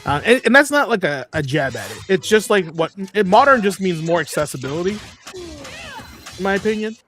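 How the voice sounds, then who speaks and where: A man's voice: high-pitched, wildly swooping pitch, moderate pace, a bit bright, faint music behind. A man co-hosting a fighting game stream, chatting casually and laughing often, easygoing and slangy. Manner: laid-back, laughs often, says "bro" and "dude". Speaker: co-host. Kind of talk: casual gameplay chat.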